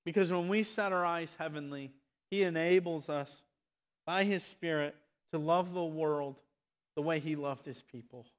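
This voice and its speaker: A man preaching a sermon, moving between loud, impassioned exhortation and hushed, quiet asides. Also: fairly high pitch, moderate pace, clear, resonant tone.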